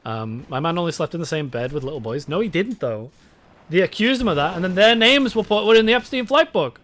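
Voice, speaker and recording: A man's voice: high-pitched, animated, fairly quick, a bit bright. A young British man streaming a game, chatting casually with his chat, swearing and rambling. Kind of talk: casual live-stream chat while gaming.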